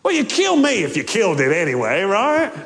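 Man putting on a whiny oily ghost, high strained pleading, lively swoops, long hall reverb. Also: brisk, creaky, exaggerated voice. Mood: whining. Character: whiny, excuse-making oily male ghost.

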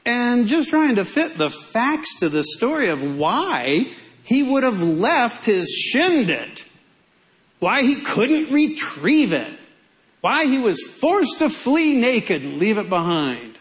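A man's voice: very high voice, sing-song, takes it slowly, rough recording. A male pastor preaching a sermon in a humorous, conversational way.

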